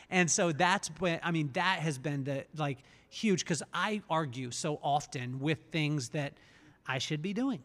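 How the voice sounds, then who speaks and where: A man hosting a conversational podcast, with a voice that sits fairly high. He tells stories with energy and slips into voices as he retells them. The room gives his voice a long, ringing reverb. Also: moderate pace. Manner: animated storyteller, acts out voices in retellings. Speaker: podcast host. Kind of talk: conversational interview.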